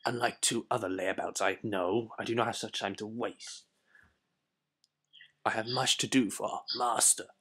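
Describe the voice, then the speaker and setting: A man voicing a haughty, scornful old sorcerer in a video game, speaking in a slow, pompous and disdainful way. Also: lowish voice, fairly even intonation, fairly bright tone, husky. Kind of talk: amateur voice acting over a video game.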